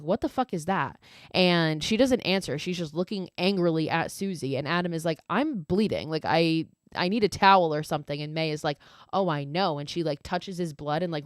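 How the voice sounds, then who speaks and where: Young woman podcaster rambling thru a movie plot, lots of "like", kinda low voice, dry. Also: no room sound. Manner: chatty, filler-heavy retelling with quoted lines. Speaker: podcast host. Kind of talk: casual film recap.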